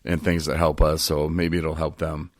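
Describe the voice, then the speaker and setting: A man's voice: extremely low pitch, level tone, normal speed, no echo, studio quality. A man co-hosting a podcast in casual chat, joking around and laughing often. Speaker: podcast co-host.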